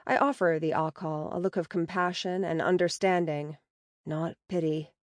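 Woman, audiobook narrator, first person, wry, sarcastic, lowish voice, dry recording. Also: moderate pace, dry recording.

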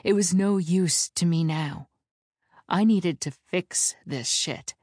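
A woman narrating a first-person audiobook at a measured, steady pace, voicing the characters herself. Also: on the low side, no room sound, studio quality.

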